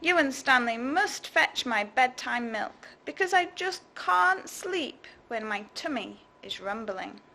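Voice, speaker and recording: Picture a spoiled storybook creature grumbling for yet another favor at bedtime, as a woman reads him aloud. The voice sits high and bright, and it drags out every complaint in a slow, pleading whine. There is a gravelly edge on the low ends. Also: animated, slight background noise, full character voice, poor audio. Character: whiny, demanding male creature at bedtime.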